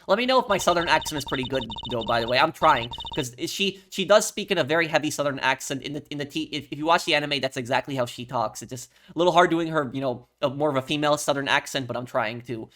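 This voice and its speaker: A woman's voice: low voice, fast talker, hardly any pauses, over music. A woman casually commenting as she plays a game, thinking aloud. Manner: chatty, thinking aloud with fillers. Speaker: gaming channel host. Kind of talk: casual let's-play commentary.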